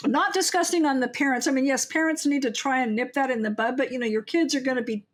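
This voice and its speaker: A woman's voice: sits high, fast talker. An older woman, a guest author on a podcast, telling rambling stories with quoted asides in casual conversation.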